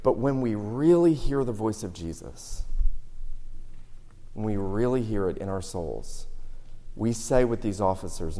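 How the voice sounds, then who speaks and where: A man preaching a sermon with earnest intensity, surging loud on key lines and dropping low in between. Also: animated, a little slow, long pauses. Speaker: pastor. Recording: long reverb of a large hall.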